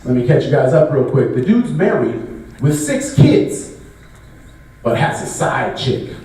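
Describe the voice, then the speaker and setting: A man's voice: mid-range voice, very animated, a little slow, mellow, distant mic. A man doing a loose, conversational stand-up comedy set, riffing with the crowd at a live show. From Bay Area. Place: live comedy show in a large echoey venue. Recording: very echoey venue audio picked up from afar, faint noise.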